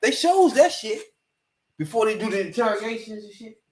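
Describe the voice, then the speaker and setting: A man's voice: high voice, very animated, moderate pace, darkish tone, a little hiss or hum. A man hosting a podcast, talking animatedly in profane street slang and laughing often. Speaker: podcast host. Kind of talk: casual chat. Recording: roomy echo.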